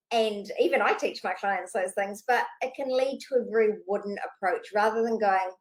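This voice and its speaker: Fast-talking animated woman coach. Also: on the high side, low-quality recording. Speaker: business coach for women. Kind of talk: unscripted direct-to-camera coaching talk.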